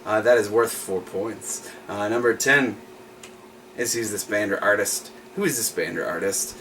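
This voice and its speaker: A man's voice: lowish voice, moderate pace, a bit bright, distant mic, a little hiss or hum. A man hosting a livestreamed trivia night, reading each question twice and chatting with small laughs in between.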